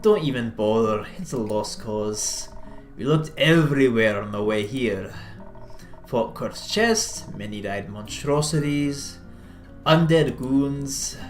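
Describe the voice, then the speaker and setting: A streamer doing a gruff mock-Scottish blacksmith lady. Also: medium pitch, lively intonation, slow, soft background music, pitched below the performer's own voice. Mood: grumbling. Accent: attempted Scottish. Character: hot-headed rough female blacksmith adventurer. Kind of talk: reading game dialogue aloud.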